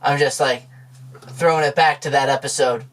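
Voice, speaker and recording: A man co-hosting a comedy podcast, deadpan and mock-reassuring, with frequent stammers. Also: medium pitch, normal speed. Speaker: podcast co-host.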